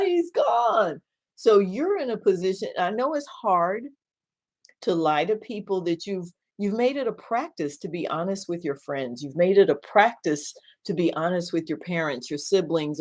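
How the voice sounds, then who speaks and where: A woman minister giving an earnest teaching talk about caregiving and telling a story, often repeating words and restarting sentences, slowing down to stress points. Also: lowish voice, darkish tone.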